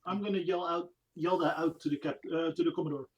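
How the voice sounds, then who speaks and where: A man playing in a tabletop game, asking quick questions and joking with the table. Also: a little high, steady tone, darkish tone, lo-fi sound, slight background noise. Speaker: player. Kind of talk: casual tabletop play.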